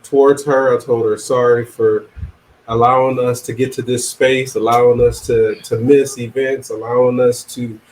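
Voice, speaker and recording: Guy guest talking slow and soft, lots of uh and you know, a little hum behind. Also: medium pitch, level tone, low-quality recording. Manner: soft-spoken, halting, many fillers. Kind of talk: reflective confessional talk.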